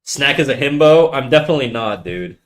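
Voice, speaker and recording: A young man streams live and rambles fast to his chat, his deep, bassy, nasal voice tumbling into stutters and restarts. He is slangy and profane, calling everyone dude. His pitch sits mid-range for a man. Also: lively intonation. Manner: swearing, slangy, calls listeners dude. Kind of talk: casual chat reading viewer comments.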